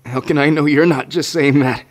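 A man voicing a shy, anxious young man in a whispered role-play, speaking softly and hesitantly. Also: on the high side, steady tone, moderate pace, close to an everyday voice. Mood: tender, insecure. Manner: soft, hesitant, flustered stammering. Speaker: ASMR roleplayer.

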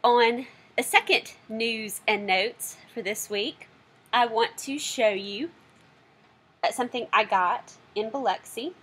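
A woman's voice: on the high side, slow, a bit bright, husky. Chatty woman hosting a podcast. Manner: chatty, friendly, self-deprecating. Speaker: knitting podcast host. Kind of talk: casual video podcast chat.

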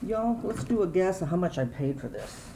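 A woman's voice: on the low side, sing-song, moderate pace, dark tone, a little hiss or hum, poor audio. A middle-aged woman, chatting casually and rambling through a grocery haul at home. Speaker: YouTube vlogger.

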